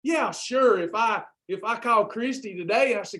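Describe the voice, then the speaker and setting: A man's voice: sits high, moderate pace, bright, forceful tone. A man hosting a Christian weight loss livestream, fired up and preachy, repeating his phrases. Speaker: host of a weight loss program. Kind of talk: Christian motivational livestream talk.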